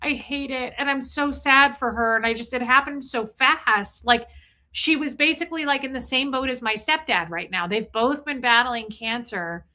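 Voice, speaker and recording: Hosting a laid-back livestream, this middle-aged woman speaks in a high, sharp voice at a moderate pace. Her talk wanders and turns emotional, and she keeps pausing to thank the people watching.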